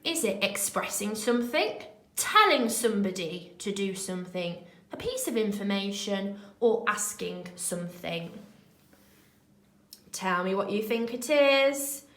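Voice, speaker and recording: A woman primary school teacher talking young children through a remote lesson, slow, clear and encouraging. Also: mid-range voice, lively intonation, fairly bright tone, echoey room, poor audio.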